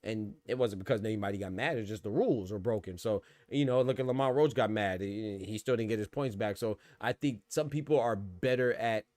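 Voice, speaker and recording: A man's voice: lowish voice, fairly quick, few pauses, a little mellow, no room sound. A man hosting a boxing podcast, talking in a loose casual way and often saying "bro" and "you know what I'm saying". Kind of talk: casual chat reacting to live chat.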